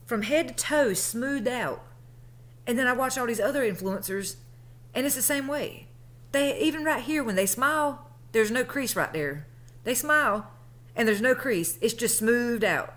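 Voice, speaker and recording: A woman's voice: fairly high pitch, fairly bright tone. A woman in her thirties telling a personal story in a chatty, colloquial way. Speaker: vlogger. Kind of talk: casual storytelling.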